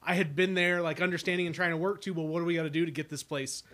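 Bright high-voiced man chatting. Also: steady tone, rapid-fire. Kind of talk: casual chat.

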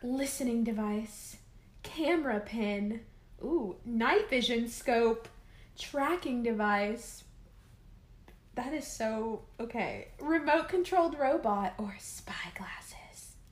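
A young woman chats with a co-host in a playful, joking way. Her voice sits a little high, and the recording carries a roomy echo. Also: animated, slow. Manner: playful, jokey. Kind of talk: casual chat.

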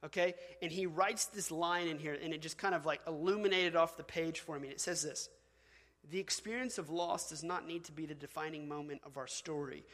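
A man's voice: a little high, steady tone, a little fast, fairly bright tone. Man preaching in an echoing hall. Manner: conversational preaching with fillers and asides. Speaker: pastor. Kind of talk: sermon. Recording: long hall reverb.

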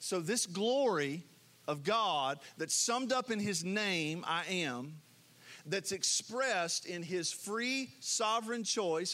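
A man preaching a sermon, retelling scripture in an expressive storytelling way that drops low and soft for emphasis. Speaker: pastor.

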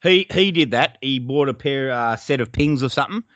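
A man's voice: medium pitch, moderate pace, fairly bright tone, no echo, muffled recording. A man with an Australian accent, chatting casually on a podcast, swearing freely and rambling from one thing to the next. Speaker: podcast co-host. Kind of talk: casual chat.

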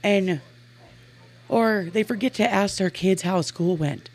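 A woman's voice: mid-range voice, takes it slowly, darkish tone. A woman in her forties from Montana tells personal stories as a podcast guest. She speaks earnestly and with animation, often breaking into laughter. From Montana, USA. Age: 40s. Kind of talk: casual storytelling in an interview.

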